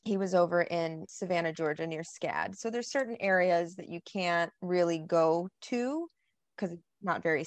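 Woman podcast co-host, slightly low voice, dry close sound, casual storyteller. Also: no room sound. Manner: storytelling, animated retelling. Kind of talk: casual chat.

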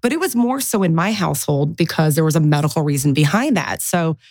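Forties woman guest, lively storyteller, lowish voice, dry no-room sound. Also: a little fast, no room sound. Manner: chatty, animated, mimics family voices in anecdotes. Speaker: guest, real estate investor. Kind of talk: casual interview storytelling.

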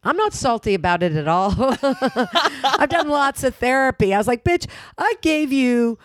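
Animated woman telling a story. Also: high-pitched, normal speed, dry recording. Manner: animated, acts out quoted voices, swears freely. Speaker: guest. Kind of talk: casual chat, storytelling.

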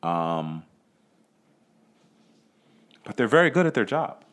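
On his solo podcast, this man speaks slowly in a lowish, sing-song voice with a fairly bright tone. He rambles casually, swears, stammers through restarts, and asks the listener rhetorical questions.

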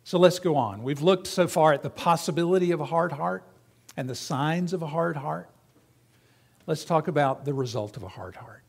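A man's voice: a little high, moderate pace, vocal fry, darkish tone, slightly rough. A man preaching a sermon to his church, talking in a conversational way and asking the congregation questions. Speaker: pastor.

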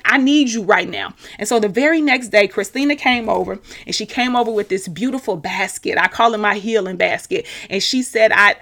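A woman podcast host telling her personal faith testimony to a live online audience, earnest and animated, often restarting her sentences. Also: a little high.

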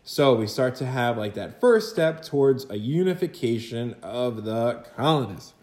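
In a reverberant space, a man with a medium-pitched, sing-song, slightly mellow voice delivers a history lesson for students. His style is conversational and chatty, full of rhetorical asides, questions to the class, and snappy acted quotes.

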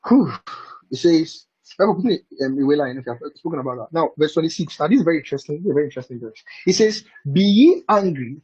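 Husky preacher, keeps asking "do you understand?". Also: male voice, on the high side, lively intonation, fast talker, darkish tone. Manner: chuckles between points. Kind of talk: bible teaching sermon. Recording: dull lo-fi recording.

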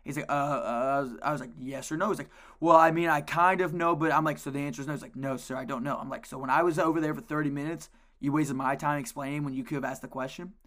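A man co-hosting a casual podcast, telling coaching stories in an animated way and swearing a lot. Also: a little high, fast talker, hardly any pauses. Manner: animated storytelling, heavy swearing. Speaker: co-host, youth lacrosse coach.

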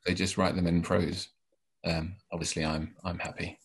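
A man, a children's author, being interviewed and answering in a thoughtful, halting way. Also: deep voice, little pitch movement, husky. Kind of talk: interview conversation.

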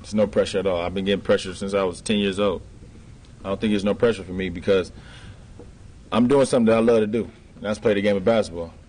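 Athlete at the podium, man, low-ish voice, easygoing and direct. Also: a little mellow. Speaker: athlete at press conference. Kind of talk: press conference answer.

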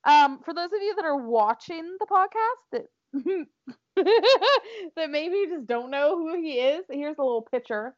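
A young woman co-hosting a casual makeup chat, excitable and bubbly, on a dull lo-fi recording. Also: high-pitched. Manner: excitable, bubbly, quick to laugh. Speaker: co-host.

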